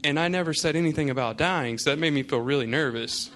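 A man's voice: on the high side, quick pace, fairly bright tone. Casual, storytelling male pastor. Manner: casual storytelling, many fillers. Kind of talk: sermon with personal anecdote.

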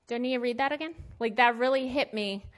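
A woman's voice: a little high, fairly quick. A woman teaching a Bible lesson in a casual sermon style, conversational and emphatic with plain slangy asides.

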